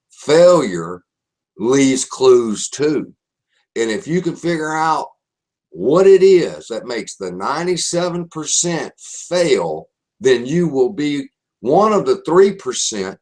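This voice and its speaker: A man with a Southern US accent presenting a live online marketing webinar, speaking emphatically and repeating his key phrases. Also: mid-range voice.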